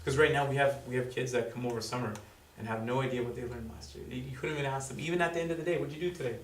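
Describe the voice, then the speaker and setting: A man's voice: medium pitch, steady tone. Man presenting to parents in roomy hall. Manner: halting, filler-heavy explaining. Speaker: school presenter. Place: school room with audience. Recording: roomy, distant, faint background noise.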